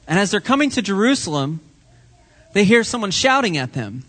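A man's voice: sits high, sing-song, fairly quick, fairly bright tone. A man giving a children's sermon in church, asking the kids friendly questions. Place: church sanctuary.

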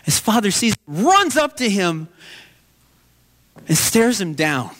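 High-voiced man preaching a sermon. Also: big pitch swings, slow, a bit bright. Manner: earnest storytelling preacher. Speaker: pastor.

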